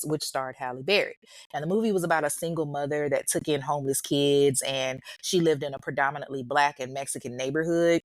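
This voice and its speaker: A woman's voice: sits low, no echo, studio quality. A woman hosting a true-crime show, telling the story in casual commentary with blunt, profane asides.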